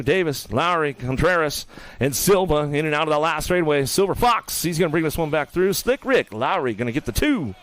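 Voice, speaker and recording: A man announcing live BMX races, rattling off rider names and calling the action in quick bursts, with joking banter aimed at the riders. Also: fairly high pitch, animated, fairly bright tone, no room sound. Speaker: race announcer. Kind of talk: live BMX race commentary.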